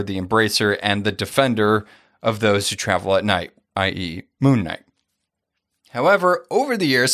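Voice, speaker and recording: A man co-hosting a podcast in casual chat, animated, often laughing, his pitch jumping high when excited. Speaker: podcast co-host.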